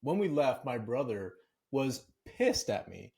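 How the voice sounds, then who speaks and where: A man speaks as a podcast guest, candid and conversational as he works through his stories. His voice sits at a middle pitch for a man. The delivery is relaxed, casual interview talk. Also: unhurried, vocal fry.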